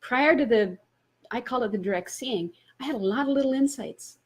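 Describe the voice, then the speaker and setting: A woman's voice: on the high side, moderate pace, slightly rough. A woman, a spiritual teacher, telling a personal story and laughing often as she retells it.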